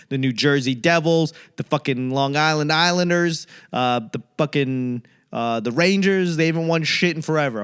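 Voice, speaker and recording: A man from the United States hosts his own comedy podcast, ranting through profane tangents with jokey asides. His voice sits a little higher than most men's. He rambles loosely and wanders off topic. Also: fairly bright tone, clear, resonant tone. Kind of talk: rambling solo podcast monologue.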